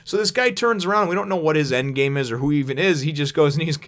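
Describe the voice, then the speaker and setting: Fast-talking man rambling through a recap. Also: fairly high pitch, a bit bright. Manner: rambling, filler-heavy, swears casually. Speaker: manga chapter reviewer. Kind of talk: casual recap and commentary.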